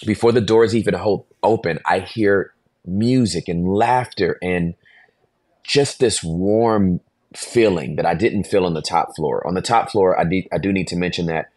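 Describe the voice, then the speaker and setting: Brief: man in his forties, very low voice, dry close sound, animated podcast storyteller. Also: a little slow, dry recording. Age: 40s. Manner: animated storyteller, acts out voices, laughs often. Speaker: pastor, podcast guest.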